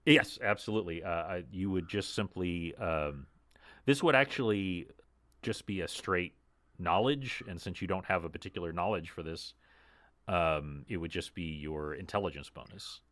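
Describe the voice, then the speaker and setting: A man with a very deep voice runs a tabletop game as game master. He narrates in a relaxed, rambling way with many fillers. The sound is dry and close to the microphone. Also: moderate pace, dry recording. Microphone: podcast microphone.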